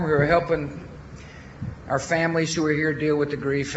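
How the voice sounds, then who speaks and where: A man with a Texan accent giving a formal memorial speech as president, earnest and measured, with deliberate pauses. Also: on the high side, flat delivery, lo-fi sound, slight background noise.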